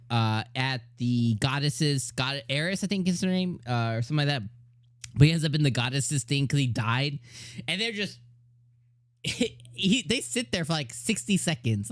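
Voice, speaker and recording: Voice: medium pitch, no echo. Host of an anime review channel, giddy and slangy, laughs through the recap, dry sound. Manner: excitable, laughs often, heavy slang. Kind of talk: casual video review.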